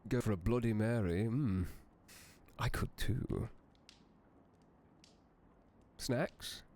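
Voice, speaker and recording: A man's voice: lowish voice, drawn-out words, a little mellow. A man hosting a horror story stream in character as a tome keeper, chatting with viewers in theatrical, old-fashioned genteel phrasing.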